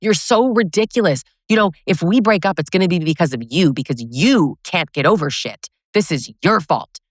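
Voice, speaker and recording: A woman's voice: on the low side, animated, normal speed, no echo, clean studio sound. A woman imitating an angry, dismissive man who blames his partner in an exasperated, accusing tone.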